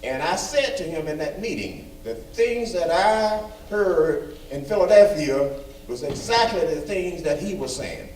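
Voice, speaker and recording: A man's voice: on the high side, lively intonation, a little slow, darkish tone, slight background noise. A man giving an emphatic, folksy report at a school board meeting, repeating phrases for stress. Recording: echoey room, far from mic.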